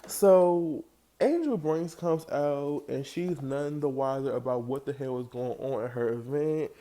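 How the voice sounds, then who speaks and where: A man giving a casual, animated recap of a reality TV episode, jumping into high voices to act out what the cast said. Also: unhurried. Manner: animated, acts out quoted lines in raised voice. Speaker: reality TV reviewer.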